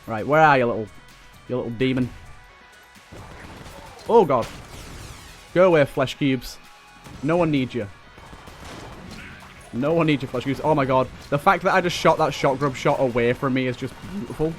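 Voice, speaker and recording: A young man giving excitable running commentary while playing a video game, talking back to enemies on screen. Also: medium pitch, normal speed, pauses often. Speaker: let's play host. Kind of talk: gameplay commentary. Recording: faint game music behind.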